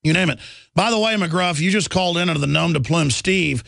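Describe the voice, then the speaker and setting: A man hosting a talk radio show, brash and mocking, talking fast and excitably with a caller. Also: a little high, dry recording, clean studio sound. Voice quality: gravelly. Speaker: radio host.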